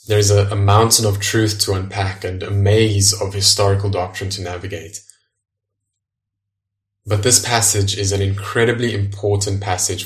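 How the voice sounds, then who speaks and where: Low-voiced pastor preaching from a distance. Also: male voice. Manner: earnest, measured, emphatic on key phrases. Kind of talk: sermon.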